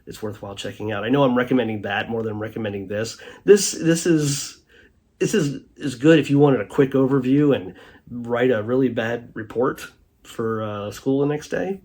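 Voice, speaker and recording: A man hosting a casual commentary show, rambling with many fillers and restarts, often trailing off quietly at the end of a thought. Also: mid-range voice, moderate pace. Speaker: host reviewing a streaming documentary.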